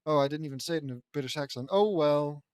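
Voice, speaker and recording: A man reading fan fiction aloud as an audiobook, often stopping for sarcastic, self-mocking remarks. His voice sits fairly high for a man. The recording is dry and close, with no room sound. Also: quick pace, a little mellow, smooth, dry recording. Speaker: audiobook reader.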